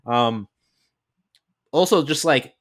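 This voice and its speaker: A man chatting as a podcast co-host about an anime, talking in loose, rambling runs full of filler words. His voice sits at an ordinary middle pitch. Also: slow pace. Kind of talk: casual chat reviewing an anime.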